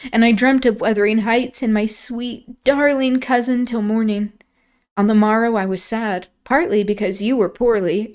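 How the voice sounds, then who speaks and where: A woman reading a classic novel aloud on a stream, breaking off for quieter, reflective asides. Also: medium pitch.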